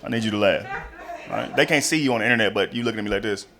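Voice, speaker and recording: A man's voice: fairly low pitch, rapid-fire, bright, forceful tone. A young man doing a stand-up routine in a chatty, rambling way with many asides, speaking on a comedy stage into a handheld mic.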